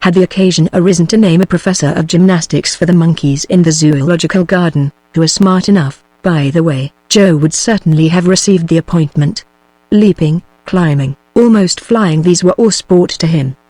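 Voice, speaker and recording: A text-to-speech woman's voice with a British English accent, narrating a classic novel in a smooth, steady manner. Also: lowish voice, normal speed, no echo. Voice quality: smooth synthetic voice. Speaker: audiobook narrator. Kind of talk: text-to-speech book reading.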